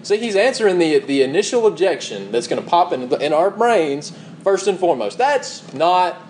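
A man's voice: on the high side, big pitch swings, brisk, darkish tone, a little hiss or hum, low-quality recording. A man preaching a sermon, reading scripture aloud and asking rhetorical questions with emphatic repetition. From United States.

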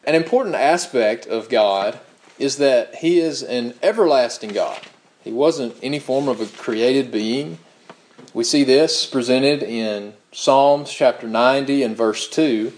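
A male preacher teaching from scripture in a measured sermon. His pitch sits in the middle range. He reads verses slowly and with emphasis, then pauses to explain each point. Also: a little mellow.

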